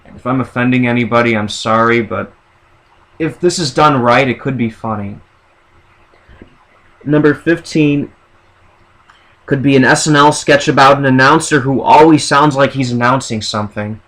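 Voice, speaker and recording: A man's voice: mid-range voice, moderate pace, pauses often, a bit bright, poor audio. Casual man rambling through ideas. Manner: rambling, with fillers and restarts. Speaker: vlogger. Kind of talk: casual monologue listing ideas.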